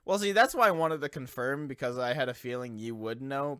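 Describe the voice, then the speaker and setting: A man's voice: medium pitch, brisk, hardly any pauses, fairly bright tone, smooth. A young man co-hosting a podcast, joking around and laughing often in casual chat. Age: young adult. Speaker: podcast co-host.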